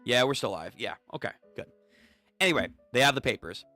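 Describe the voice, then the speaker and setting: A young man hosting a live comic read-through, reading all the parts in an animated, casual voice that swears freely. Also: medium pitch, brisk, faint music behind. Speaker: streamer reading manga.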